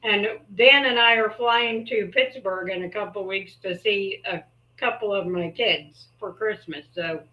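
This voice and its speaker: A woman's voice: medium pitch, muffled recording. A middle-aged woman chatting as a guest on a live stream, often breaking into laughter. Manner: slow, bright, laughs a lot. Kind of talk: casual chat.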